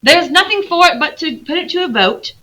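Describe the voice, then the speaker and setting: A woman voicing a boy who speaks quickly and is a little embarrassed. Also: very high voice, expressive, bright, forceful tone, voice pushed up, exaggerated voice, low-quality recording. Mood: eager. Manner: quick, eager.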